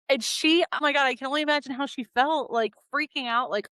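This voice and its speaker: Fairly high-pitched, pushed and bright, this woman in her thirties talks quickly with few pauses as a podcast guest and daughter. Her casual storytelling is loaded with fillers and quoted voices, and the studio sound is clean with no room tone.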